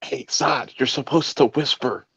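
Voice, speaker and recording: A man's voice: mid-range voice, steady tone, a little slow, a bit bright, husky, no echo, muffled recording. A man chatting casually as a co-host, teasing and joking with swearing. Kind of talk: casual chat.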